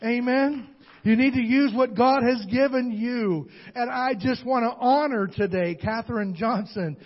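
An older male pastor delivers a sermon with a notably high-pitched voice. He preaches in a call-and-response style and climbs to shouted lines. The recording sounds dull and lo-fi. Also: a little slow, in a large hall.

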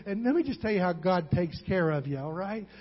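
A man's voice: sits high, lively intonation, brisk, husky. A man preaching a sermon as pastor, calling out to the congregation and repeating words as he gets emotional. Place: church hall. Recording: dull recording in a reverberant hall.

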